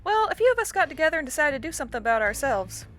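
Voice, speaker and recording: A woman reading as a folksy troll girl from the countryside, all put-on Southern drawl and homespun charm. The voice sits high and bright, lifted well above the reader's own. She talks in a breezy, down-home way, for a visual novel read aloud. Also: big pitch swings, racing, soft background music. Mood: determined. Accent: put-on American Southern.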